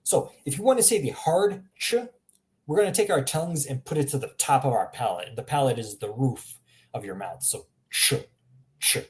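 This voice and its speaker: A man giving a casual spoken language lesson, explaining sounds with self-aware humor and repeating them slowly to demonstrate. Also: mid-range voice, expressive, a little mellow. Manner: chatty, self-aware explaining with little laughs. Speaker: language teacher.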